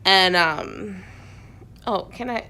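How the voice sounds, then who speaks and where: A woman's voice: medium pitch, slow pace, pushed and bright. A woman talking casually to her phone camera from her couch at home, rambling with lots of fillers and restarts. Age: adult, has a son. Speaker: vlogger. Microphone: phone on a selfie stick, close.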